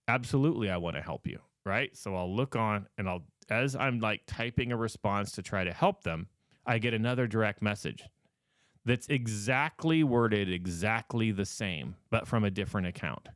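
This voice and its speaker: A man's voice: on the low side, moderate pace, a bit bright, no echo, clean studio sound. A man hosting a podcast who is losing his voice, giving casual advice with emphatic, repetitive warnings and many fillers. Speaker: podcast host.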